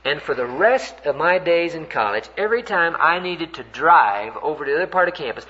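Older preacher, bright voice, lo-fi. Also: male voice, a little high, brisk. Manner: earnest, animated storytelling with sudden rises. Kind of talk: sermon. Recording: dull, lo-fi recording.

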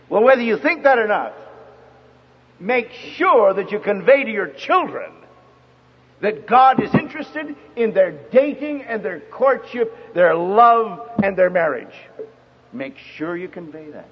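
An older man preaching a sermon, emphatic and telling stories with quoted dialogue, in a husky voice. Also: high voice, sing-song, a little slow. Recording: dull lo-fi recording with long hall reverb.

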